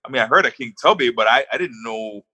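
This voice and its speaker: Very bright-voiced animated male storyteller. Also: medium pitch, fast talker, breathy edge. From Jamaica. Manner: animated, restarts words often. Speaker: guest, music manager. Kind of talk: casual storytelling on a podcast.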